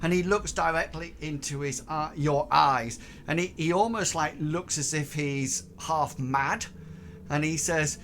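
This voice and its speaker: A man narrating a tabletop game as game master, halting and full of ums. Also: a little high, fairly bright tone, a little hiss or hum. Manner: hesitant, many ums and restarts.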